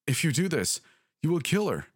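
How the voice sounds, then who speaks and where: A man doing a desperate middle-aged mother in a spoken horror story, her voice pushed far higher than his own. She pleads in breathless, urgent bursts. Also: very animated, normal speed, breathy edge, dry recording, studio quality.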